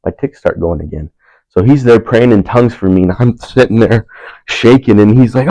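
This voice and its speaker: A man's voice: on the low side, moderate pace, warm tone, no room sound, poor audio. A young man on a panel telling a personal story in a laid-back, self-mocking way, laughing often. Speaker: panel speaker.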